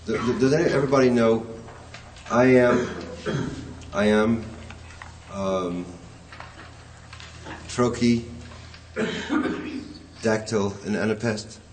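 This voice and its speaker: A man's voice: fairly low pitch, steady tone, slow pace, long pauses, a little hiss or hum. A man lecturing a poetry class, rambling and hesitant, chanting rhythms aloud to show them. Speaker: poetry teacher.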